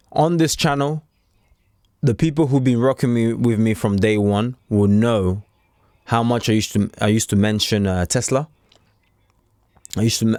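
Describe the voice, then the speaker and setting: A man's voice: fairly low pitch, darkish tone, dry recording, studio quality. A man talking casually to camera as a trading coach, chatty and repetitive, with streetwise slang. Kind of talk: casual unscripted talk to camera.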